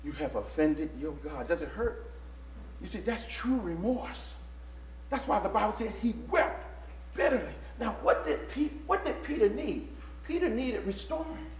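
A man preaching a sermon, swinging from hushed, whispered asides to shouted, sung lines. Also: sits high, sing-song, normal speed, roomy sound, slight background noise.

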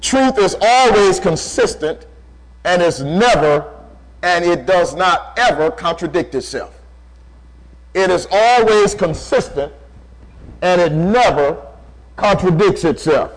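Male preacher, very high voice, emphatic, repeats key phrases, sermon delivery. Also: lively intonation, slow pace, pauses often, poor audio.

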